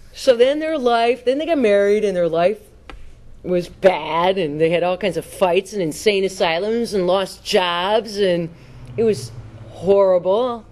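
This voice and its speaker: Woman speaker at a recovery meeting, middle pitch, plain conversational telling, earnest and reflective. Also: measured pace, darkish tone. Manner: conversational storytelling with fillers and restarts. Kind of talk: personal recovery testimony.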